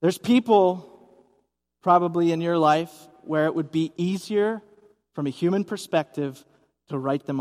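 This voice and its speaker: In a gymnasium church service, a man with a high-pitched voice preaches as pastor, keeping things conversational and asking the congregation questions. A long reverb tail follows his words.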